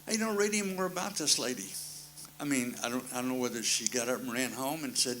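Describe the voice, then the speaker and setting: Male preacher, folksy plain-spoken sermon delivery, bright and forceful tone. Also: mid-range voice, quick pace, slight background noise, low-quality recording. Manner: folksy, plain-spoken storytelling with repeated refrains.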